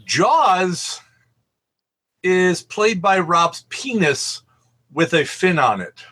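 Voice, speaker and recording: Podcast guy chatting, husky tone, meanders and curses a lot. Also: high-pitched, very animated, extremely slow, bright, forceful tone. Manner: rambling anecdotal storyteller, swears freely. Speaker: podcast co-host. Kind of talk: casual chat.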